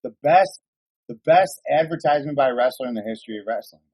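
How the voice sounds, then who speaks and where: A man co-hosts a casual podcast and swears freely as he rambles with excitement. His voice sits at an ordinary pitch. The recording sounds a little dull and lo-fi. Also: fast talker, breathy edge. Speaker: podcast co-host. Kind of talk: casual chat.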